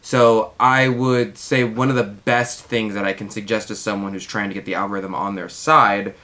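A man's voice: lowish voice, flat delivery, moderate pace, bright, forceful tone. A man co-hosting a casual podcast, ranting animatedly and laughing often. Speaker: podcast co-host, artist.

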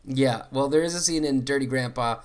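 A man co-hosting a comedy podcast, pitching a movie plot in a dry, deadpan way during casual chat. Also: fairly quick.

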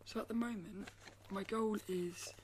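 Woman vlogger, mid-pitched and gentle, drifting into a breathy half-whisper, meandering and repeating herself, with a faint hiss behind. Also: steady tone, a little slow. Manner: rambling, repeats and restarts phrases. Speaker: artist vlogger. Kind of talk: casual talk to camera.

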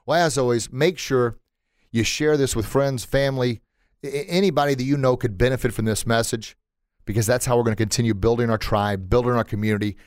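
Energetic man hosting a motivational podcast. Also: dry recording, studio quality. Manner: energetic, storytelling, often jumping up in pitch. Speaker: podcast host. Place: studio.

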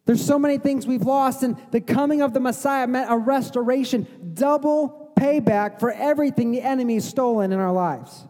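Middle-aged male pastor, high voice, casual storytelling sermon in a reverberant sanctuary. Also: moderate pace, few pauses, warm tone. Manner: conversational preaching, acts out voices of the crowd. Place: church sanctuary.

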